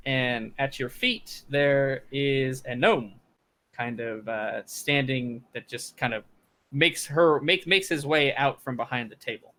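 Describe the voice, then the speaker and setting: A man's voice: medium pitch, takes it slowly. Laid-back man running a tabletop game. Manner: relaxed, rambling, many fillers. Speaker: dungeon master.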